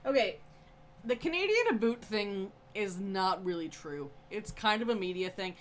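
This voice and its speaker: A woman from the Midwestern United States with a Midwestern American accent, making quick, matter-of-fact remarks in a casual chat as co-host. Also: mid-range voice, expressive, slight background noise.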